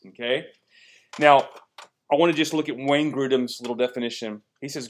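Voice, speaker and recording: A man in his thirties, a pastor teaching a Bible lesson and asking the listeners questions as he goes. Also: fairly high pitch. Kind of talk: sermon.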